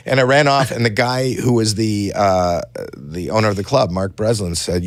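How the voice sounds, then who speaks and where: A middle-aged man telling rambling anecdotes as a podcast guest, animated, with frequent stammering restarts, in a studio. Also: mid-range voice, brisk, hardly any pauses, no echo. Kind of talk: casual storytelling chat.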